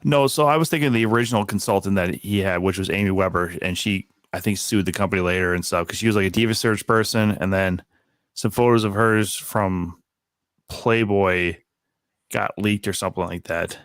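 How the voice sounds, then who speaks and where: A man's voice: sits low, a little fast, a bit bright, dry recording, clean studio sound. A man co-hosting a podcast, talking loosely with plenty of hesitations and slang. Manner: loose, hesitant, lots of "dude" and "um". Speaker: podcast co-host. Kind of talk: casual chat.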